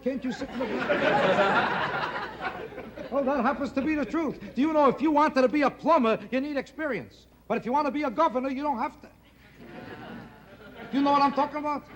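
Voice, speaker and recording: A man doing stand-up with a heavy New York Yiddish-inflected accent and a deadpan, complaining delivery. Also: high voice. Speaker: stand-up comedian. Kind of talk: stand-up comedy set. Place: television studio stage. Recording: loud audience laughter, noisy stage.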